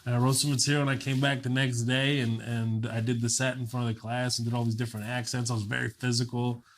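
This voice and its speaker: A man's voice: mid-range voice, little pitch movement, quick pace. Man in his late thirties, from Kuwait and raised in Texas, with a mid-range voice. He tells a casual, profane story as a comedy guest and laughs his way through it.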